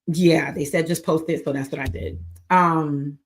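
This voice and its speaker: A woman's voice: low-pitched, fairly even intonation, measured pace, soft background music. A young adult woman with an American accent, hosting a book club livestream in a chatty, playful way with laughing asides. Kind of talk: casual livestream chat.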